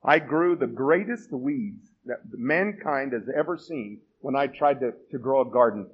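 Animated pastor man, lively pitch. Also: a little slow, slightly rough, lo-fi sound. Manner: animated storytelling with self-deprecating asides. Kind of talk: sermon.

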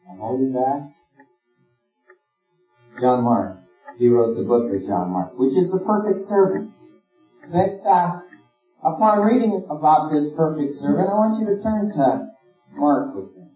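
A man delivers an earnest sermon, pushing his emphasis up and down as he preaches. He sits far from the microphone in a roomy, echoing space. The recording is dull and lo-fi, with faint music underneath. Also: a little high. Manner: earnest, rising and falling emphasis.

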